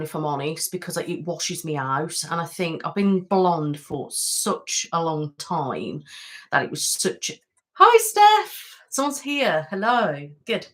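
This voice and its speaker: A woman's voice: sits low, a bit bright. A woman from the West Midlands of England with a West Midlands accent, chatting casually and self-deprecatingly on a live stream, with many ums. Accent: West Midlands English. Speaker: ASMR channel host. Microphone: webcam setup at home.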